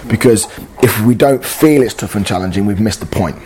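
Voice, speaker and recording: A man's voice: lowish voice, fairly quick, darkish tone, a little hiss or hum. A man preaching an informal sermon, earnest and conversational, reading scripture and acting out inner dialogue.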